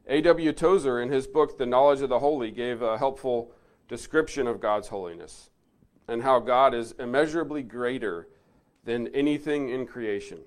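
A man giving an earnest Bible teaching, stressing key words and then dropping to a soft, reflective tone. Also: mid-range voice, moderate pace.

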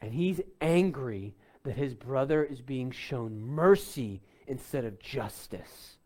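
A man preaching an expository sermon, explaining a passage in a deliberate teaching tone with bursts of emphasis. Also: medium pitch, expressive, warm tone. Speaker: pastor.

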